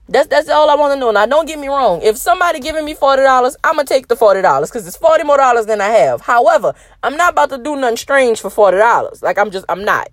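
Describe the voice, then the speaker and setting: A young adult woman hosting a casual podcast alone, ranting bluntly with swearing and an animated, lively delivery. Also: sits high, fairly quick, no room sound, studio quality. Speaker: podcast host. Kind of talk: casual solo podcast talk.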